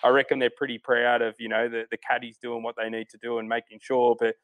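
Male co-host, casual rambling sports chat, mid-pitched, dry close recording. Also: flat delivery, fast, a bit bright, dry recording. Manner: rambling, many fillers and restarts. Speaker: golf podcast co-host.

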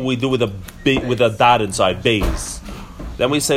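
A man's voice: mid-range voice, normal speed, slight background noise. A man giving a casual Torah class to a few listeners, explaining step by step with frequent restarts and rhetorical questions. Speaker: teacher.

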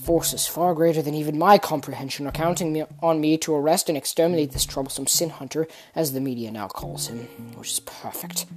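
A woman voicing Lucifer, a weary male ruler of hell, who speaks in a low, hushed, brooding way. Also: fairly quick, few pauses, soft background music, lightly acted.

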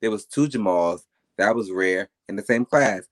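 A man's voice: on the low side, normal speed. A man, a podcast guest, telling stories in casual interview chat with a blunt, emphatic and profane manner.

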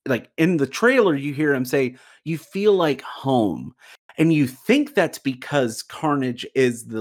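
A man in a casual movie discussion, talking animatedly and acting out lines in quoted voices. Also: mid-range voice.

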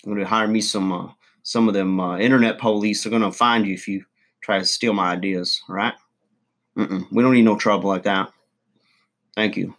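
A man's voice: lowish voice, fairly even intonation, moderate pace, a bit bright. Folksy rambling man. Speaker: podcast host. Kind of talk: comic character monologue.

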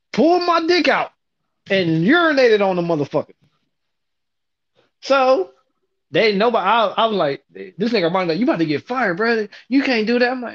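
Animated, profane man telling a story. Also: no room sound. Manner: animated, profane, acts out quotes with big pitch jumps. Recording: dull lo-fi audio.

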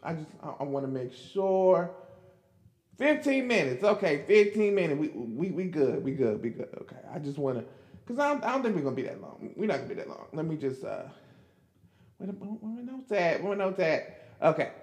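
A man's voice: fairly high pitch, big pitch swings, a little fast, darkish tone, in a large hall. A man hosting his own podcast, talking casually and with animation, laughing often and stammering through restarts. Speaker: podcast host. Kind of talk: casual solo commentary. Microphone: camera recording himself.

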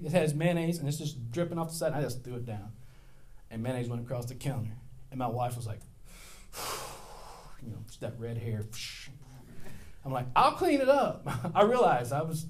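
A middle-aged male pastor preaching a sermon in a casual, storytelling way, with self-deprecating humor and big swings in volume. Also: fairly high pitch.

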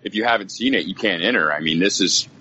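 Husky-voiced laughing man, dull sound. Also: sits low, pushed and bright. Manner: dry, laughing, quick jokes. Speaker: podcast co-host. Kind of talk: casual chat.

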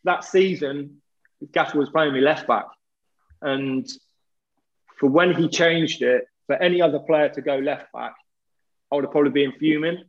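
A man's voice: fairly high pitch, moderate pace, pauses often. A man, a former footballer, telling stories in a casual, laddish way and swearing freely. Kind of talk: casual storytelling. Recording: dull lo-fi audio.

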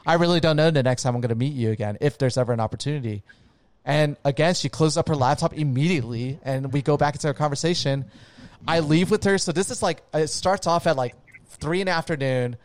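A man's voice: a little high, quick pace, no echo. A man telling a long story in casual chat, rambling with lots of "like" and "dude" and casual swearing.

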